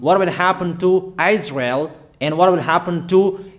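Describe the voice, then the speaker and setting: A man's voice: high-pitched, measured pace. A man preaching a sermon of prophetic declarations, emphatic and repetitive in a declamatory way.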